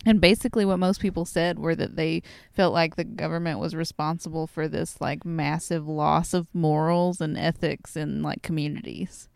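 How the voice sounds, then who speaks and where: A woman's voice: low-pitched, steady tone, normal speed, gravelly, hardly any pauses, darkish tone, clear, resonant tone, no room sound, studio quality. A woman from Wisconsin with a Wisconsin accent, talking in a rambling, profane, casual chat. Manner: rambling, profane, self-interrupting.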